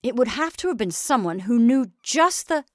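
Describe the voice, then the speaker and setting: A woman's voice: a little high, animated, darkish tone, dry recording, studio quality, voice pushed up, lightly acted. A woman doing a condescending male county attorney. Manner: tolerant, brisk, dismissive.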